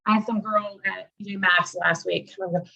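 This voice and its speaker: Chatting casually, a realtor who creates social media content acts out the dialogue of the people in her stories. Her mid-range voice is bright and forceful, with vocal fry, a steady tone and a brisk pace. The recording is low quality.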